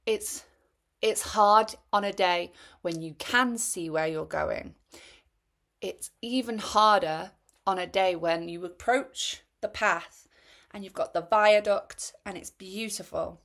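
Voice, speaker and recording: A woman's voice: mid-range voice, slow, fairly bright tone. A young woman tells the story of her race candidly, laughing often and poking fun at herself. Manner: chatty, laughs often, self-deprecating. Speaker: ultrarunner recounting her race.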